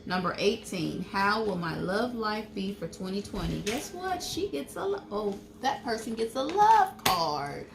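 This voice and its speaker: A woman's voice: fairly high pitch, animated, a little slow, vocal fry, hardly any pauses. A woman giving a casual tarot reading, hesitant and full of "um" and "I feel like". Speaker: tarot card reader, co-host. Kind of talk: casual live card reading.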